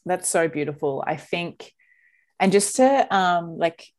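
A woman podcast host with a notably deep voice talks frankly and openly. Her delivery is emotional and unfiltered, with casual swearing mixed in. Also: expressive, unhurried, darkish tone. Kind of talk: candid podcast conversation.

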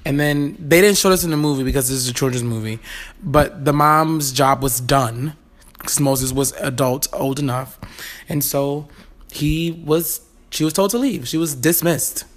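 A woman's voice: deep voice, moderate pace. A woman telling a Bible story as comedy, profane and slangy, acting out the characters and breaking into laughter. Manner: profane, slangy, acts out the characters, laughs at her own lines. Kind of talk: comic retelling of a Bible story.

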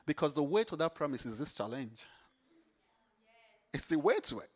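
A man preaching a sermon, animated, repeating phrases for emphasis and swinging from hushed to loud. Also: fairly high pitch, moderate pace.

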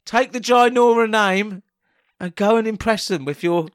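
A man's voice: high-pitched, moderate pace, smooth, dry recording, natural voice. A man playing a hopeful young man at an audition, in a mild, eager-to-please voice close to his own. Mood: earnest.

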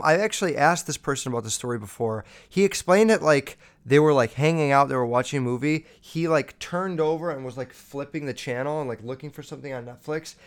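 A young man holds a casual podcast monologue with a clear, smooth voice at a middle pitch. He retells a story and keeps veering into crude, joking rants, leaning on filler words and swearing often. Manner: profane, joking asides, lots of fillers. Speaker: podcast host.

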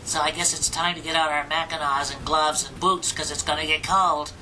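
An older man voicing a folksy, chatty male sidekick on a children's TV show, talking in a raised, bright voice. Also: on the high side, fairly even intonation, fairly quick, background noise, voice pushed up, natural voice.

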